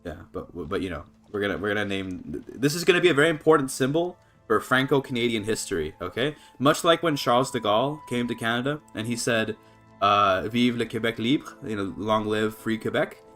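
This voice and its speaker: A man's voice: lowish voice, a little fast, faint music behind. A man casually commentating a strategy game on a live stream, thinking aloud with many fillers and restarts, breaking into laughs. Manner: laughs often, voice jumps up when excited.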